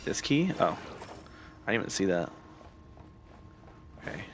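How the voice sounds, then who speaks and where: Young male streamer, casual and jokey, lowish voice, light game music behind. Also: big pitch swings, unhurried. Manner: joking, talks to his cat. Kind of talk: casual live-stream chat.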